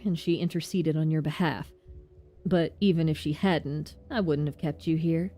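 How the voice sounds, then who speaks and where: A woman voicing a stern older male town governor with a Southern US accent and a gruff, sardonic way of talking. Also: lowish voice, warm tone, natural voice. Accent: Southern US (put on).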